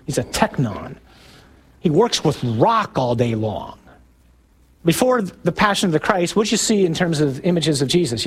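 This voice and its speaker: Husky, emphatic priest giving a talk. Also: male voice, on the high side. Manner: emphatic, rising to loud bursts on key points; conversational, asks the audience questions. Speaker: Catholic priest. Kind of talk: talk to a parish men's group.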